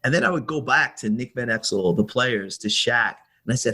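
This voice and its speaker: A middle-aged man speaks as an interview guest in a husky, slightly rough voice at a middle pitch. He tells long stories with energy and acts out the exchanges he quotes. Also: fast talker, hardly any pauses. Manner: animated storyteller who acts out quoted exchanges. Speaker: guest, former basketball team staffer. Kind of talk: storytelling interview answer.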